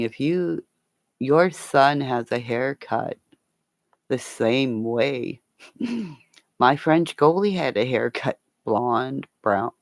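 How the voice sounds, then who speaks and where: In a dry, close recording with no room sound, a woman from Northern Ontario, Canada, unhurriedly rambles through her livestream chat. Her low voice crackles with gravelly fry, and she swears freely while calling viewers by name and sweet nicknames.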